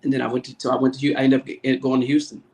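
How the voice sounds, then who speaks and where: A man's voice: medium pitch, completely flat delivery, very fast, a little mellow. A man guest on a podcast, a Navy command master chief, telling a loose, profane story and acting out the people he quotes. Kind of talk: casual storytelling interview.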